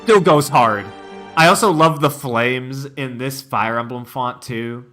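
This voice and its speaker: A man's voice: medium pitch, unhurried, sharp tone, faint music behind. A man streamer giving casual reaction commentary, laughing often and joking around.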